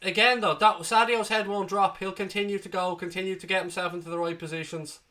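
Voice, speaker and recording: A man hosting a live football watchalong, calling the play and chatting with viewers, excitable and prone to swearing as he cheers. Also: sits high, fast. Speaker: watchalong host. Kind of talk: live match commentary and chat. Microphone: desk microphone.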